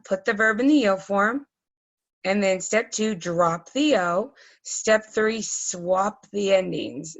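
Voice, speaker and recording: A woman's voice: mid-range voice, poor audio. A woman teaching a recorded Spanish grammar lesson, explaining patiently step by step with frequent ums.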